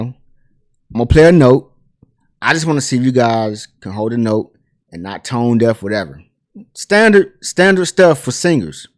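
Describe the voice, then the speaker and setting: A man hosting a pop culture commentary channel, telling a story in a chatty, animated way full of asides and fillers. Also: medium pitch, normal speed, dry recording, studio quality. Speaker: host.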